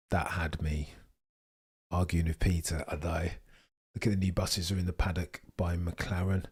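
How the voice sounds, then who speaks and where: A man's voice: medium pitch, a little mellow, husky. Tired, chatty man streaming. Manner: chatty, self-mocking, rambling with many restarts. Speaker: livestream host. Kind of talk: casual livestream chat to viewers.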